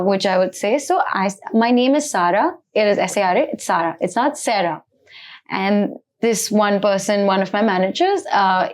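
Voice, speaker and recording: A woman's voice: medium pitch, darkish tone. A young woman from India with an Indian English accent, hosting a casual podcast and telling personal stories in an earnest way. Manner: earnest storytelling, retells dialogue with quoted voices. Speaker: podcast host.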